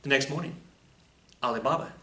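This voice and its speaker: Male teacher, casual storyteller, bright tone, echoey room. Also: mid-range voice, fairly quick, a little hiss or hum. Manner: loose and playful, with fillers and asides. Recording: roomy echo.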